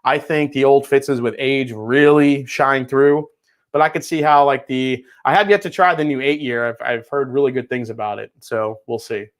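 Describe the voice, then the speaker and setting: A man in his own everyday, mid-pitched voice hosts a loose livestream chat. He drifts between thoughts, leans on "uh" and "um", and answers viewers as if they were friends at the bar. His tone is friendly and unhurried. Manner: relaxed, chatty, reads and answers chat; many fillers, laughs easily. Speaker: livestream host.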